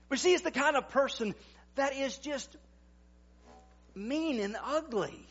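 High-voiced pastor preaching a sermon. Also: male voice, lively intonation, unhurried, pauses often. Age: 40s. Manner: conversational, swings between loud emphasis and quiet asides. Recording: dull, lo-fi recording.

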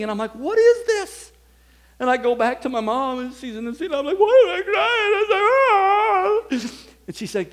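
Sharing his personal testimony in a sermon, this high-pitched preacher moves between quiet moments and loud ones, exclaiming certain passages.

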